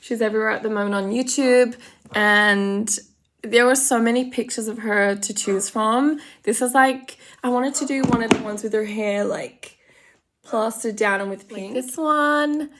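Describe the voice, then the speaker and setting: A woman's voice: fairly high pitch, normal speed. An Australian woman chatting casually and rambling through a makeup tutorial, full of gossipy asides. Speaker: makeup vlogger.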